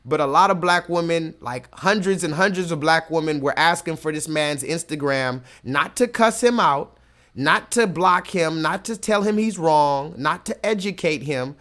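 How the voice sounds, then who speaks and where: A man's voice: a little high, a bit bright. Profane, emphatic male livestream host. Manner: profane, emphatic, slows down to stress points. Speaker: streamer host reading chat comments. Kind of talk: casual livestream rant.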